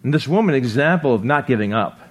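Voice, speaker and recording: A man preaching a sermon in a conversational way, reading scripture aloud and often checking in with listeners with a quick "right?". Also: mid-range voice, animated, slightly rough. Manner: reads scripture aloud, acts out quotes. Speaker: pastor.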